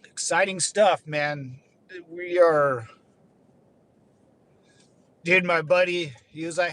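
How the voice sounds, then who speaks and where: High-voiced man rambling from his car. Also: takes it slowly, long pauses, a bit bright. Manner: loose, swearing, laughing asides. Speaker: vlogger, former Marine. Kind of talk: casual rambling talk while driving.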